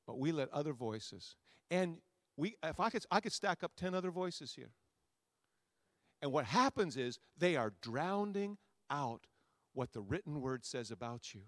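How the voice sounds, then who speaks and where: A man, a pastor, preaching a sermon to his congregation, with a repetitive, rousing cadence that swings between loud soaring lines and quiet asides. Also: a little high, sing-song, unhurried, no room sound, clean studio sound. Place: church sanctuary before a congregation.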